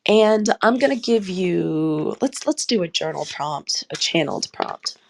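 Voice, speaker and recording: Casting: woman tarot host, lowish gravelly voice, chatty, laughs often, calls the audience y'all. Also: expressive, unhurried. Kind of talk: live audio tarot session chat.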